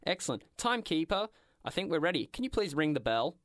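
A man's voice: on the high side, very animated, quick pace, very noisy. A man, hosting a casual music podcast in a studio and announcing rounds in an upbeat game-show style. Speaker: podcast host.

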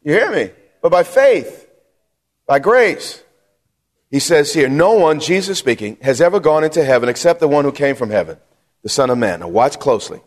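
A man's voice: on the high side, animated, normal speed. A man preaching a sermon from the pulpit, emphatic, repeating himself and putting questions to the congregation. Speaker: pastor. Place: church sanctuary. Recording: long hall reverb.

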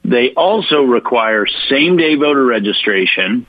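A man's voice: medium pitch, animated, dry recording. Emphatic man on a dull radio line. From Virginia. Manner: emphatic, mocking quoted voices, spells points out slowly. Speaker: political guest. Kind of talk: radio interview, argumentative explaining.

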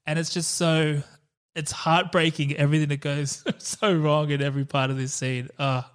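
A man's voice: fairly high pitch, flat delivery, normal speed, smooth. A man co-hosting a podcast, chatting casually about a movie, enthusiastic, laughing often and swearing casually. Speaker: podcast co-host.

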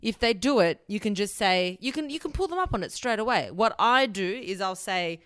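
A woman's voice: mid-range voice, lively intonation, moderate pace, few pauses, clean tone, no echo, studio quality. A young woman hosting a solo advice podcast, talking bluntly and emphatically and swearing casually. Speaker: podcast host.

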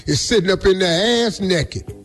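A man's voice: high-pitched, normal speed. A male radio host giving comic, bawdy advice with teasing, exaggerated storytelling. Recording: radio studio with music bed.

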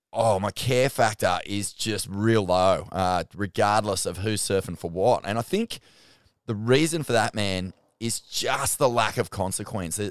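A man co-hosting a podcast in casual chat, excitable and swearing freely. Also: fairly low pitch, clear, resonant tone, no echo, studio quality. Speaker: podcast co-host.

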